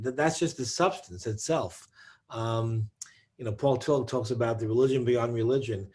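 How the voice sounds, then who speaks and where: A man answering on a discussion panel about research, thoughtful and halting, with many restarts. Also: mid-range voice, darkish tone. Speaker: psychedelic researcher.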